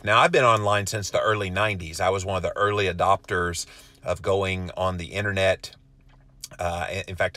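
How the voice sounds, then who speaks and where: A middle-aged man with a Southern US accent talks through viewer comments in a relaxed, earnest, folksy way, humming little filler syllables between them. His voice is fairly low but bright and forceful, and the sound is close and dry. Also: no echo. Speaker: host reading viewer comments. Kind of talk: casual live-stream chat.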